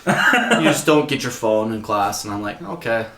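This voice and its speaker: A young man co-hosting a podcast, telling animated, profanity-filled stories and laughing often. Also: lowish voice, normal speed. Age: young adult. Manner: animated storytelling, swears a lot, laughs often. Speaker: podcast co-host. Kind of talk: casual chat. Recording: echoey room with faint noise.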